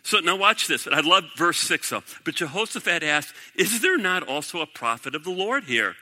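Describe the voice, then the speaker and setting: A man preaching a sermon, his voice bright and slightly raised. He reads scripture and stops to comment, then builds to emphatic points. The sound carries a long reverb from a large hall. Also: on the high side, normal speed. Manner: animated preaching, rising to emphatic declarations. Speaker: pastor.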